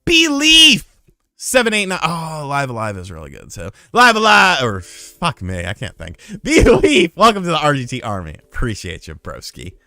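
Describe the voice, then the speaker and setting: Bright, lively, swearing streamer man. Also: medium pitch, normal speed, gravelly, few pauses, no room sound. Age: 30s. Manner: profane, rambling storytelling; shouts out new members. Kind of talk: casual livestream chat.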